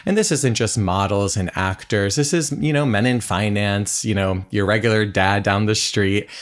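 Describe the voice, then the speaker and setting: Male brow specialist, somewhat low voice, polished upbeat interview guest. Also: normal speed. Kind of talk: casual podcast interview.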